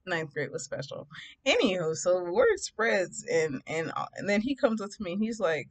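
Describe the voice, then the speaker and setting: A young woman telling a story to camera in a chatty, animated way, acting out what people said and laughing along. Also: mid-range voice, normal speed. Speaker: vlogger. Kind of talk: casual storytime.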